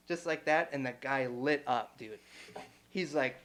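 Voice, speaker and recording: A young man co-hosting a casual podcast chat, telling a story with lots of fillers, swearing and loud acted-out quotes. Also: medium pitch, takes it slowly, long pauses. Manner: animated, swears freely, acts out quotes loudly. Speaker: podcast co-host.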